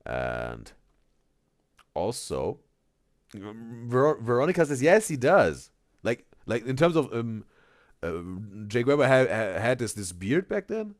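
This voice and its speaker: A man's voice: medium pitch, sing-song, slow pace, dry recording, studio quality. A man hosting a casual live-stream reaction, reading chat aloud and rambling with repeated words.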